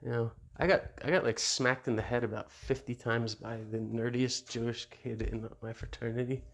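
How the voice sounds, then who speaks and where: Gravelly, rambling middle-aged man. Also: mid-range voice, fairly even intonation, normal speed. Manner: rambling, blunt, laughs between remarks. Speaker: show host. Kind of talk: casual profane monologue.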